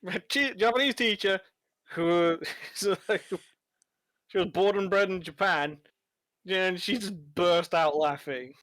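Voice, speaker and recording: A man's voice: sits high, a little slow, fairly bright tone, no echo. An Irish man chatting and joking while streaming a video game, laughing often at his own stories. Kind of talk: casual chat over gameplay.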